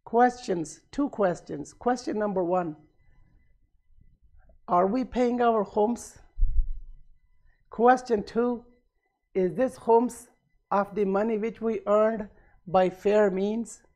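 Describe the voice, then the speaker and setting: Male preacher, fairly high voice, storytelling sermon, lively delivery of dialogue. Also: slow, long pauses. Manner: retells a story, acting out dialogue with rising emphasis. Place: community centre hall.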